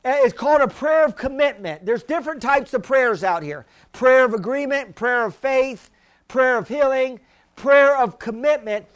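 A man with a very high voice delivers a fervent sermon. He repeats key phrases and calls out to the congregation for a response. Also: expressive, normal speed. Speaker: preacher.

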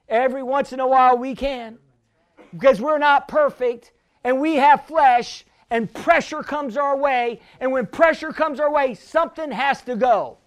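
A pastor preaching a healing sermon, fervent and often shouting, calling for responses from the congregation. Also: male voice, extremely high pitch.

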